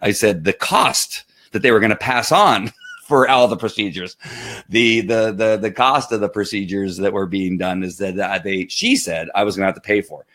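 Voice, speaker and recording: A man's voice: fairly low pitch, moderate pace, fairly bright tone. A man vlogging, telling a personal story in a rambling casual way with many asides. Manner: rambling, with frequent restarts and asides.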